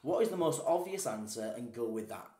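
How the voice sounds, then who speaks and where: Man, casual rambling chat, reads comments aloud, middle pitch, echoey room. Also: lively intonation, brisk, dark tone. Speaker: co-host. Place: home room, at night.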